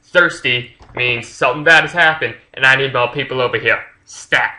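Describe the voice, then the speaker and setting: A man's voice: medium pitch, moderate pace, sharp tone, roomy sound. A man hosting a casual book review vlog, talking in a loose, slangy and profane way, with lots of fillers. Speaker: channel host.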